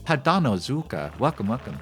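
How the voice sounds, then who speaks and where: A man's voice: mid-range voice, very animated, a little fast, a bit bright, soft background music. A male streamer giving casual, joking commentary while playing a game, rambling and reading game text aloud. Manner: repeats phrases in shifting voices.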